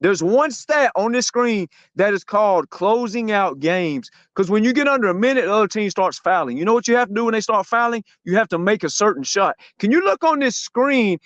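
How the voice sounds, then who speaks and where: A high-pitched man hosts a podcast in a heated, profane, mocking rant. His voice is dry and close, with a dull, lo-fi sound. He talks in bursts and repeats himself. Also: lively intonation, a little fast, few pauses, no echo. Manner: loud, profane, mocking, repetitive. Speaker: podcast host. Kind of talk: heated podcast sports talk.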